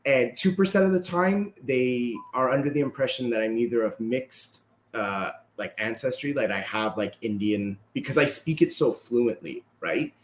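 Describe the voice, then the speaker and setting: Mid-range and at a normal speed, this Canadian man's voice sits in an echoey room with slight background noise. Guesting on a podcast as a martial arts instructor, he shares casual stories, easygoing and adding "right?" to his sentences again and again.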